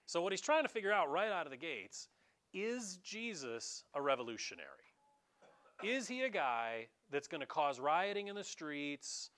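Man, pastor, conversational sermon, fairly high voice, dramatizing, addresses the congregation directly. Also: moderate pace. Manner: animated, dramatizing, talks straight to the congregation.

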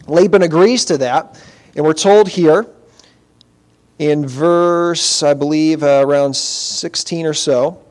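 A pastor delivers a sermon earnestly yet conversationally, sometimes turning to speak straight to the congregation. His voice is a little higher than most, slow and somewhat dark in tone.

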